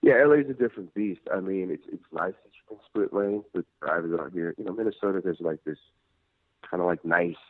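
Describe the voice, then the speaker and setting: A man in his thirties from Nigeria, a guest telling relaxed stories over the phone and laughing often. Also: low voice, brisk, dry recording. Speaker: guest actor. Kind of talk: casual phone interview. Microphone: phone line. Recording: tinny dry phone line.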